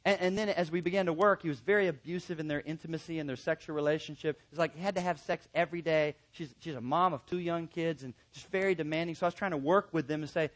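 A man teaching a class of counselors in an animated way, repeating key points for emphasis and acting out quoted remarks. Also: fairly high pitch, fast talker, hardly any pauses. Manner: emphatic repetition. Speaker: counseling instructor.

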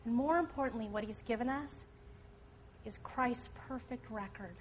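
A middle-aged woman speaks earnestly to a church gathering, pressing her points with emphasis. Her voice sits a little high, and a faint background hiss runs under it. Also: normal speed, rough recording. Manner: earnest, emphatic, preaching to the audience. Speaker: speaker at a church women's event. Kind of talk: testimony talk to an audience.

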